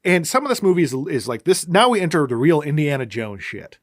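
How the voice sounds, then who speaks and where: A fairly quick, sing-song male voice sits on the high side, recorded cleanly in studio quality with no room sound. As a podcast co-host, he recaps a movie in casual chat, sarcastic and ranting, slipping into silly voices.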